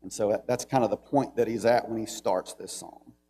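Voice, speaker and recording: A man's voice: fairly low pitch, brisk, dark tone, soft background music. A man with a Southern American accent teaching a Bible class in a church, talking in a conversational way and reading scripture aloud with emphasis.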